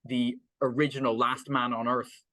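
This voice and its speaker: A man's voice: mid-range voice, flat delivery, moderate pace, sharp tone, no echo. Rambling man with a dry close sound. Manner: rambling, many fillers and self-corrections, laughs often. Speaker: podcast co-host. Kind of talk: casual film discussion podcast.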